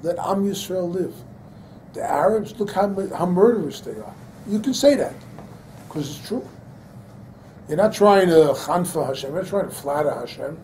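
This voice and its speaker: A man's voice: high voice, expressive, moderate pace, darkish tone, slight background noise, low-quality recording. An older man, a rabbi giving a Torah lecture, telling a personal story and then preaching with rising emphasis, mixing in Hebrew terms. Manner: sprinkles Hebrew and Yiddish-inflected terms. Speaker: rabbi teaching a class.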